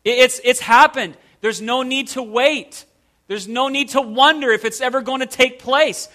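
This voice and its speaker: A man's voice: very high-pitched, moderate pace, sharp tone. A man preaching a sermon as pastor, stressing single words and asking the listeners rhetorical questions.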